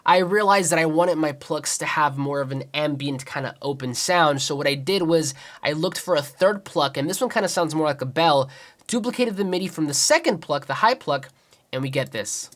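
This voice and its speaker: A man's voice: fairly high pitch, moderate pace, fairly bright tone. A young man producing music, casually walking through his beat and counting the rhythm aloud as he explains each layer. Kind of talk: tutorial walkthrough. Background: beat playback music.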